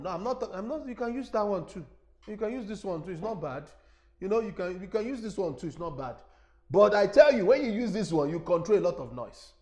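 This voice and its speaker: Wearing a lapel mic, a middle-aged man with a Nigerian accent leads a webinar in a high-pitched voice. He talks straight to his audience, animated and prone to repeating himself.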